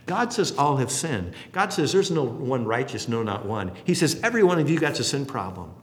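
Animated male preacher in a reverberant hall. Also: mid-range voice, fairly quick, slight background noise. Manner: animated storytelling, acting out voices in quotes. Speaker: pastor. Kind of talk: sermon.

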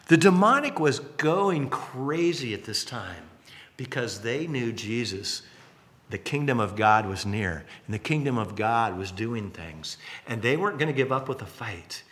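A pastor preaching a sermon, telling the story casually and acting out quotes and jokes along the way. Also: male voice, mid-range voice, unhurried. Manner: lively storytelling with acted-out quotes and asides.

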